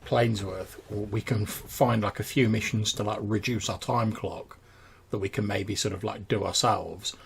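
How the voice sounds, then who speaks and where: A tired man, a player chatting casually in a halting, rambling way with swearing. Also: on the low side, steady tone, creaky, slight background noise. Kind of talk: casual tabletop game chat.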